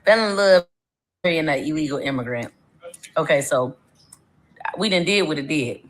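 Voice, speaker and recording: A woman streamer telling a long, profane storytime tale in a casual, animated way, her voice jumping high for quoted lines. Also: moderate pace. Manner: animated, profane, dramatic voice swings.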